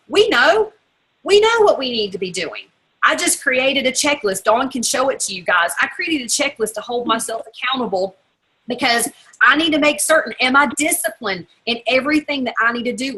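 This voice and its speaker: A woman's voice: on the high side, low-quality recording. A woman giving an emphatic, motivational talk as a guest speaker on a team call. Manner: energetic, emphatic, repeating for effect.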